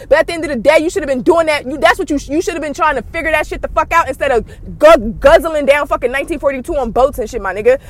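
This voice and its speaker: A woman podcast host delivering blunt, profane gossip commentary, scornful and heated, with sudden shouted outbursts. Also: high-pitched.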